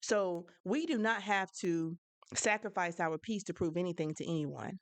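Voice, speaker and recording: A woman's voice: on the low side, normal speed, no room sound. A woman hosting a solo advice podcast, talking frankly and conversationally, with a preachy edge. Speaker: podcast host.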